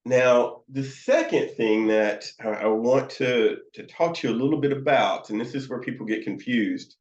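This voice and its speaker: A man teaching counseling students, talking in a slow, halting way with many fillers and restarts. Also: mid-range voice. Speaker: counseling supervisor. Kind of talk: teaching lecture with demonstrations. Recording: roomy, dull lo-fi sound.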